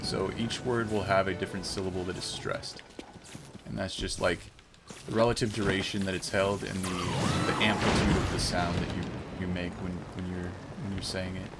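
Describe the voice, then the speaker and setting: A man's voice: low voice, level tone, moderate pace, over loud music. A man streaming a game, chatting casually and musing aloud with fillers and self-corrections as he plays. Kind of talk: casual live-stream chat while gaming.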